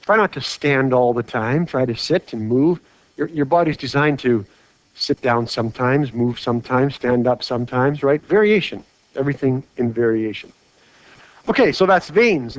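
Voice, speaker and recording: Male teacher, mid-pitched, conversational whiteboard lecture; close dry mic, slightly muffled. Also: normal speed, no room sound. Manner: chatty, asks rhetorical questions.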